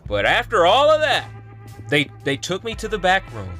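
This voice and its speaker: A man's voice: mid-range voice, very animated, moderate pace, bright, forceful tone, faint music behind. A young adult man, a gaming YouTuber, telling a rambling story in a casual vlog with fillers and laughs.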